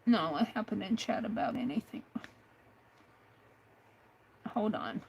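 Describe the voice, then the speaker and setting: Slow-talking woman livestream host. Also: medium pitch, animated, creaky, a little hiss or hum, rough recording. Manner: hesitant, with many fillers. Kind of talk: casual livestream talk to a chatbot.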